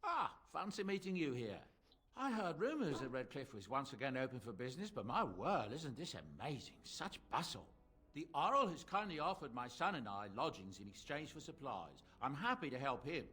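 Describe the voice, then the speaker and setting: A man's voice: mid-range voice, sing-song, normal speed, pushed and bright, breathy edge, full character voice. An actor playing a cheerful, chatty male traveling merchant in a video game, courteous and salesman-like. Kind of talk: video game character dialogue.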